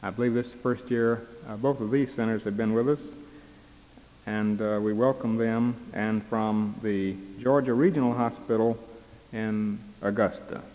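A man presiding at chapel, giving announcements and introducing the speaker, with frequent halting fillers. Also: on the low side, steady tone, a little mellow. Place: chapel with long reverb. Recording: long chapel reverb.

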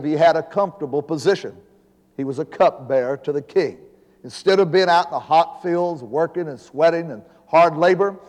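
A man's voice: a little high, lively intonation, moderate pace, a little mellow. A man in his seventies, an evangelist preaching a sermon in a church, telling folksy jokes before building to fervent preaching. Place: church sanctuary. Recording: long hall reverb.

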